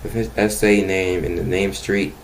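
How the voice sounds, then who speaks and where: A man's voice: deep voice, flat delivery, normal speed, gravelly, slight background noise, low-quality recording. A man reading a prepared biography at a church program, careful and with the odd stumble over words. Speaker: program presenter.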